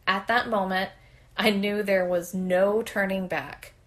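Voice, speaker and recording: Female podcast host, mid pitch, reads listener stories aloud in a frank, chatty way. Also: steady tone, takes it slowly, fairly bright tone. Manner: candid, conversational reading with bursts of laughter. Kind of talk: reading a submitted story aloud.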